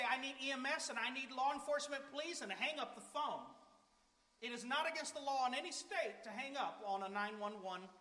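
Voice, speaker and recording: High-voiced preacher in an echoey hall. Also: male voice, bright, forceful tone. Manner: earnest, emphatic, conversational preaching. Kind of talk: sermon. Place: church sanctuary.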